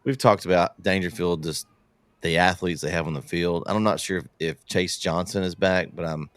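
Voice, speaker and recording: A man hosting a sports talk show, moving through the games with halting, word-searching speech. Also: low-pitched, fairly even intonation, fairly bright tone, smooth, no room sound. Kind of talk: casual sports chat.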